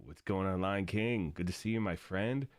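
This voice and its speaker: Man, gaming live-streamer, raspy morning voice, upbeat casual chat, deep low voice. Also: moderate pace, no room sound, clean studio sound. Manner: upbeat and chatty, greeting viewers.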